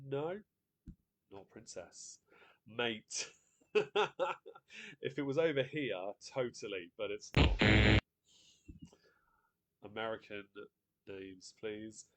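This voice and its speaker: A man hosting a live online quiz, chatty, reading out viewer guesses and laughing often. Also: on the low side. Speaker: quiz host.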